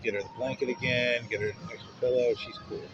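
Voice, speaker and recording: Male vlogger, mid pitch, rambling and profane storyteller, muffled recording over music. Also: level tone, fast talker. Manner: rambling and profane, with frequent restarts. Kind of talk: casual personal storytelling. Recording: dull audio with music underneath.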